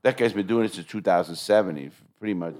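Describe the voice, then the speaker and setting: A man's voice: sits low, quick pace. An older man hosting a podcast, telling stories in casual chat with a swear here and there. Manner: storytelling, animated, swears casually. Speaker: podcast host.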